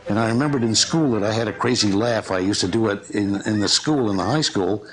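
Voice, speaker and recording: A man's voice: on the low side, brisk, over music, rough recording. A man, a voice actor, telling stories about creating his characters, slipping into their voices. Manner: lively, slips into character voices. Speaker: voice actor interviewed in archive clips.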